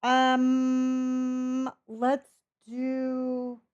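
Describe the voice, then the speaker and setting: A woman's voice: high-pitched, completely flat delivery, drawn-out words, a little mellow, no room sound, highs cut off. A woman streaming a game, chatting casually, giving playful running commentary and thanking viewers by name, calling them honey and dear. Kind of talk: casual live-stream chat while playing.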